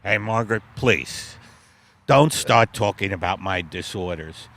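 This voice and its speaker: Man as a grumbling middle-aged husband, exasperated, gravelly, bright. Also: on the low side, animated, unhurried, pitched below the performer's own voice, full character voice.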